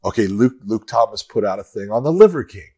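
A man co-hosting a show in casual chat, laid-back and quick to swear, telling stories with animation. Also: lowish voice, animated, dark tone, husky. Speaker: podcast co-host.

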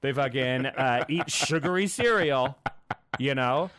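A man's voice: mid-range voice, unhurried, smooth. A man co-hosting a podcast, bantering and joking in a casual way. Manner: joking, animated, puts on silly voices. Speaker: podcast co-host.

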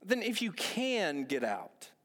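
A man's voice: high voice, wildly swooping pitch, slow, fairly bright tone. A man preaching a sermon as a pastor, earnest, repeating phrases for emphasis and asking rhetorical questions. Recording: long echoing hall reverb.

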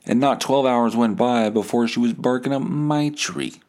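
A man's voice: medium pitch, moderate pace. A young man hosting a podcast, telling a story in a casual, profane way and acting out the people he quotes. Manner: profane, animated retelling with quoted voices. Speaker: podcast host.

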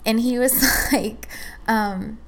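A woman's voice: on the high side, fairly even intonation, takes it slowly, vocal fry. A woman in her twenties telling a story in casual chat, full of "like" and acted-out quotes. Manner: chatty, fillers of "like", acts out quoted dialogue.

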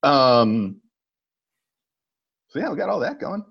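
A man co-hosting a podcast, telling a movie plot in a casual, animated way and swearing freely. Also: medium pitch, slow, creaky, pauses often, breathy edge, highs cut off. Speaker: podcast co-host. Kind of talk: casual movie recap chat.

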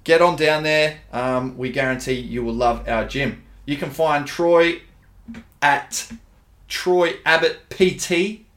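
A man's voice: a little high, takes it slowly, a bit bright. An Australian man co-hosting a casual podcast, laid-back and swearing freely, calling his listeners dude and bro. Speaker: podcast co-host, gym owner and coach.

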